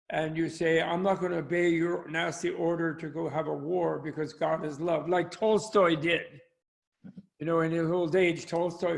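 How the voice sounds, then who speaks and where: Gravelly, high-pitched older man. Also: darkish tone. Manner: rambling, anecdotal, chuckling. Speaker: Buddhist scholar, professor. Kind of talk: discussion with jokes. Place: home, online talk. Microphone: video call.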